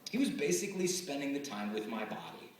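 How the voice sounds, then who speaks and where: A man giving a lively live talk to a student audience, often acting out the voices of the people in his stories. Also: medium pitch, a little fast. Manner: animated, acts out quoted voices. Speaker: speaker addressing students. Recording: echoey hall from far off, faint hiss.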